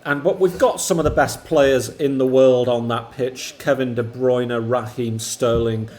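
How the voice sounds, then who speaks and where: A middle-aged man, the host's father, chatting about football in a measured way. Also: medium pitch, fairly even intonation, darkish tone. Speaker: co-host, the streamer's father. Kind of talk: casual football chat.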